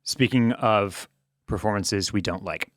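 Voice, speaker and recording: A man co-hosting a podcast, chatting casually about a TV episode, animated, with many fillers and false starts. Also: fairly low pitch, a little slow, dry recording, studio quality. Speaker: podcast co-host. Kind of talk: casual TV recap chat.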